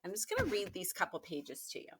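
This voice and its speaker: A woman's voice: medium pitch, wildly swooping pitch, fast, a bit bright, slightly rough. A woman teacher giving a recorded remote lesson to pupils, emphatic and encouraging, repeating key points.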